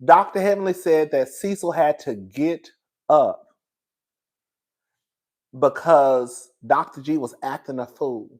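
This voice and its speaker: A man's voice: a little high, slow pace, long pauses. A man hosting a casual show, gossiping and laughing as he recaps reality TV drama. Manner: animated, gossipy, laughs a lot. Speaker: host.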